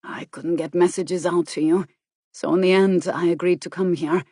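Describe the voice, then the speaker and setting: A quiet, earnest man who speaks gently as a woman narrator voices him. The voice is fairly low and the recording is close and dry, with no room around it. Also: fairly even intonation, moderate pace, slightly rough, no echo. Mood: gentle. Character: gentle, earnest middle-aged man returned from prison. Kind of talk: audiobook character voice.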